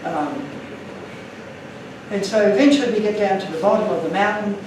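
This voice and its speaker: A man's voice: high voice, normal speed, a little mellow, a little hiss or hum. A man giving an emotional, earnest talk to an audience, telling stories with slides. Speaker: speaker. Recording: echoey room from far off.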